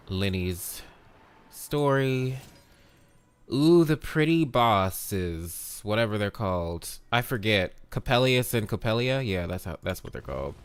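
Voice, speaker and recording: Low-voiced man chatting on a game stream. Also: clean tone. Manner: upbeat, greets chat viewers by name, swears casually. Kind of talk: casual live-stream chat.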